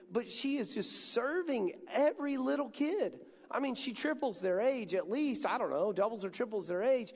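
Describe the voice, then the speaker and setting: A high-pitched man in his thirties speaks to a student crowd, animated and chatty, leaning into every story. His voice carries a long, echoing reverb from a large hall. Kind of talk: storytelling sermon.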